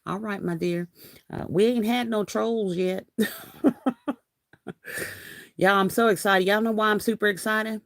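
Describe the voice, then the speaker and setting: A woman in her fifties hosts a live craft stream, chatting casually as she reads comments, laughing often and saying "y'all" a lot. Her mid-range voice is steady and creaky, with a measured pace and frequent pauses, captured in a dry, close-mic recording.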